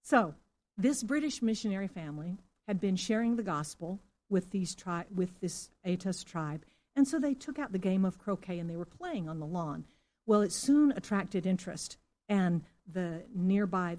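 A woman's voice: on the low side, normal speed. Woman pastor from Singapore preaching. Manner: storytelling, asks the congregation questions, rises to loud exclamations. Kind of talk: sermon.

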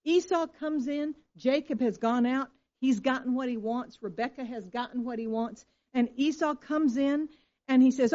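A woman's voice: a little high, normal speed, mellow. A woman pastor preaching a sermon with emphatic delivery and frequent rhetorical questions. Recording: dull lo-fi recording.

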